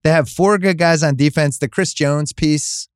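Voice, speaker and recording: A man hosting a casual sports podcast, animated and chatty with quick asides. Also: on the high side, smooth, no room sound, clean studio sound. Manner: animated, quick asides, reads ads conversationally. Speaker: podcast host.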